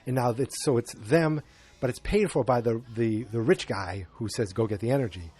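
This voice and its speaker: Medium-pitched and a little mellow with a slight roughness, this man speaks at a moderate pace with lively intonation. Recapping a film casually on his podcast, he wanders, makes sarcastic cracks, and confesses what confuses him.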